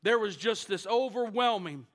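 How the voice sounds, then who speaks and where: A man's voice: high-pitched, animated, moderate pace. A man in his fifties from Kentucky, preaching a personal testimony with earnest storytelling and emphatic shifts in volume.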